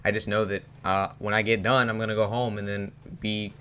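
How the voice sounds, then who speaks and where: A man's voice: fairly low pitch, flat delivery, brisk, bright, forceful tone, slight background noise. A young man telling a personal story in a rambling, casual way, with many fillers and restarts. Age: young adult. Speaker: vlogger.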